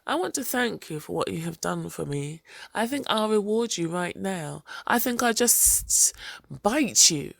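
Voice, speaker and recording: Storybook snake, male, sly and menacing, slow drawn hiss, voiced by a woman storyteller. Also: medium pitch, animated, gravelly, no room sound. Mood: smug. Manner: slow, drawn-out hissing delivery.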